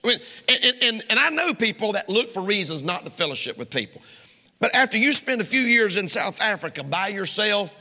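A Southern US man delivering a sermon from the pulpit, emphatic and pressing, sometimes rising to a shout. His voice sits high with a sharp, bright edge and some gravel in it. The sound rings with the long reverb of a church hall. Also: very animated, brisk. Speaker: preacher. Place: church sanctuary.

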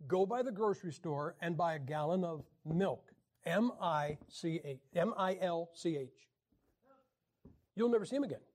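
A man teaching a Bible class in a folksy, joking way, often clearing his throat and restarting his sentences. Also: high voice, darkish tone. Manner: frequent throat clearing and restarts, jokey asides. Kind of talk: folksy teaching talk with jokes.

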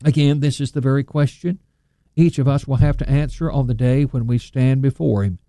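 A man preaching a sermon, measured and emphatic, slowing down to stress scripture quotes. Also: mid-range voice, steady tone, mellow, dry recording.

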